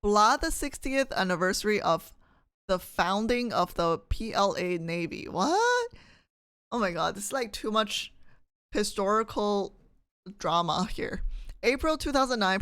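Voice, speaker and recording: A woman's voice: medium pitch, sing-song, unhurried, a bit bright, dry recording. A woman from Canada streaming live, reading test questions aloud and thinking through them with her viewers, laughing often.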